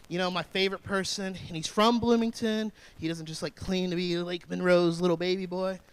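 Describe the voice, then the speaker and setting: A man's voice: fairly high pitch, vocal fry, low-quality recording. A young man from Indiana doing rambling, crude, self-deprecating stand-up comedy.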